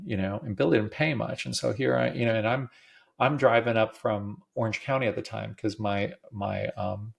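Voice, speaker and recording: A gravelly middle-aged man with a voice on the low side hosts a podcast, telling casual personal stories. He rambles, with many fillers and restarts.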